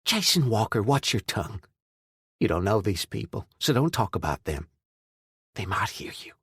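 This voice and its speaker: A man's voice: lowish voice, sing-song, normal speed, slightly rough, no echo, clean studio sound, exaggerated voice. A man voicing a stern but loving middle-aged mother who scolds firmly. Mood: scolding. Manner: scolding, firm.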